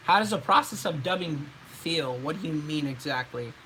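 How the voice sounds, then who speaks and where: Bright, high-voiced young man chatting. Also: expressive, moderate pace, slight background noise, poor audio. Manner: laid-back and chatty, with slangy asides. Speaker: voice actor and live streamer. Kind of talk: casual live stream Q&A.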